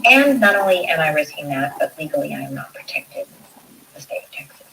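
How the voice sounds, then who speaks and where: A woman's voice: low-pitched, sing-song, fairly quick, vocal fry, bright, forceful tone, far from the mic, slight background noise, rough recording. A woman, a nurse, recounting an event in an interview, telling it animatedly and acting out what others said. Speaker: nurse interviewed in a news clip.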